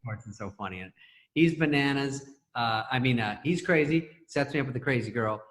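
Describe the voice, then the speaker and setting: A middle-aged man telling stories as a talk show guest over a video call, laughing through them and doing quick impressions of other people. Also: medium pitch, fairly bright tone. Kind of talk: casual anecdote telling.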